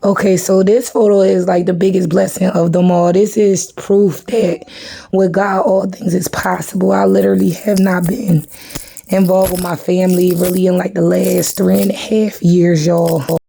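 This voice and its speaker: Tired, husky-voiced woman vlogging. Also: lowish voice, level tone, normal speed, warm tone. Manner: chatty, addresses viewers as y'all. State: tired and a bit hoarse. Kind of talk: casual vlog chat to viewers.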